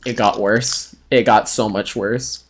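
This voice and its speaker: A man's voice: lowish voice, steady tone, takes it slowly, noisy background. A man acting as game master in casual chat before a session, laughing often and swearing freely.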